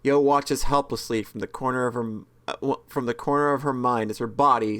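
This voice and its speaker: Expressive man reading a game aloud. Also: medium pitch, fairly quick, few pauses. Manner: expressive reader, casual joking asides, frequent self-corrections. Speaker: let's-play host reading a visual novel.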